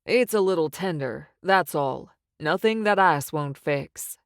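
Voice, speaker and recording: A woman's voice: low-pitched, expressive, unhurried, no room sound, clean studio sound. A woman reading the part of a teasing, cocky male wizard in an audiobook, with mocking, sing-song taunts. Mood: flirtatious.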